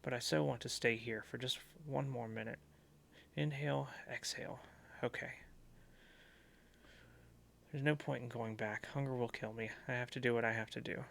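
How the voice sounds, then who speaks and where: A man's voice: mid-range voice, fairly even intonation, normal speed, creaky, a bit bright. A man voicing a worn-out, trapped young man. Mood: brooding. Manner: despairing, then pleading. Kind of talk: reading game dialogue aloud.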